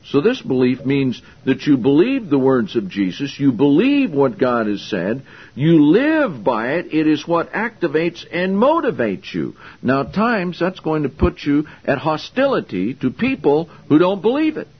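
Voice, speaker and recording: A man's voice: on the high side, huge pitch swings, a little slow, slightly rough. A man preaching a sermon, emphatic and confrontational, with pointed rhetorical questions, in a slightly dull lo-fi recording. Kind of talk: sermon, Bible exposition.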